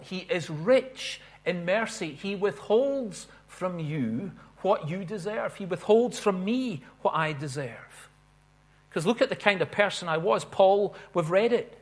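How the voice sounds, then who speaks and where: A man preaching a sermon in an earnest way, swelling and slowing on stressed phrases. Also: sits high.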